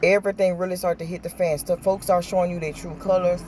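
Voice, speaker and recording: A woman with a Southern American accent, telling stories in a chatty, animated vlog and acting out what people said. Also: on the low side, fast, a little hiss or hum. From Southern United States. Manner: chatty, animated storytelling with acted-out quotes. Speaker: vlogger. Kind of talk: casual chat.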